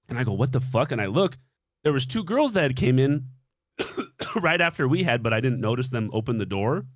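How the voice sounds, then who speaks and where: A man's voice: medium pitch, dry recording, clean studio sound. A young man casually telling a dating story on a stream, swearing freely and acting out his own reactions.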